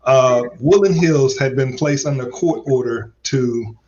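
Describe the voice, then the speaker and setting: A man hosting a casual interview, measured as he gives context. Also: medium pitch, a little mellow. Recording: dull sound with faint noise.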